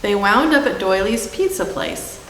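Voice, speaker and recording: A woman reading a children's picture book aloud in a slow, gentle storybook manner. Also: medium pitch, animated. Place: church room. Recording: echoey hall with faint hiss.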